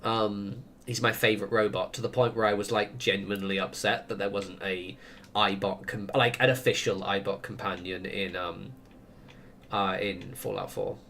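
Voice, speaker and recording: A man's voice: on the low side, flat delivery, normal speed, a bit bright, a little hiss or hum. A man chatting casually while streaming a game, rambling through opinionated tangents and laughing often. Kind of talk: casual chat while gaming.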